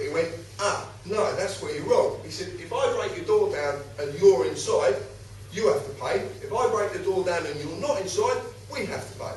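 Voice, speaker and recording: Animated, foul-mouthed storyteller man, very echoey. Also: high-pitched, normal speed, noisy background. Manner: animated, swearing, acts out both sides of his stories. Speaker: speaker giving a public talk. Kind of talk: storytelling to a live audience. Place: home, recorded in a reverberant room. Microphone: far camera. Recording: very echoey room, camera from far off.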